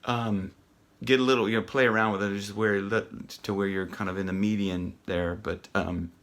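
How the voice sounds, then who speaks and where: A man teaching a casual singing lesson, chatty and rambling with many ums and restarts, breaking off to sing loud rock lines. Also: fairly low pitch, steady tone, normal speed. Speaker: vocal coach.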